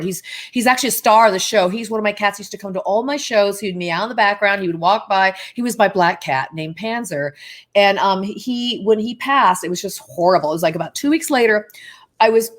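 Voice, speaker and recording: A talkative woman appears as a psychic medium guest on a live show, heard over a video call. She speaks directly to the viewers. She wanders from point to point in a warm, unscripted way. Her pitch sits in a middle range. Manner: chatty, digressive, speaks straight to viewers. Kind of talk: casual live interview.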